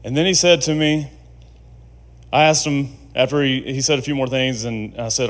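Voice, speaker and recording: A man's voice: mid-range voice, fairly even intonation, normal speed. A man speaking at a faith conference, telling his testimony in a conversational storytelling way and acting out the quoted dialogue.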